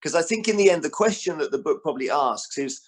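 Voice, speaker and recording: A man talking as an author at a book festival interview, an animated storyteller who acts out quotes, with frequent restarts. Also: a little high, quick pace, husky.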